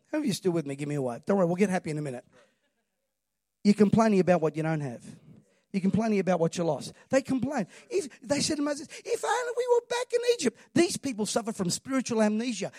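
High-voiced preacher, dry sound. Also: male voice, animated, quick pace, dark tone, no room sound. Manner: emphatic preaching, calls for audience response. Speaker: pastor. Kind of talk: sermon.

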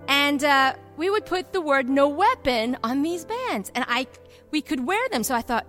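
High, bright-voiced woman pastor telling stories. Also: normal speed, faint music behind. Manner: animated storytelling, acts out quoted voices. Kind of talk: sermon with personal stories.

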